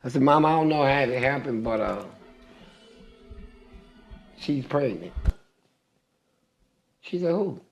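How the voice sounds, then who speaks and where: An older man telling a long story as an interview guest, profane and animated. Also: mid-range voice, measured pace, pauses often, soft background music.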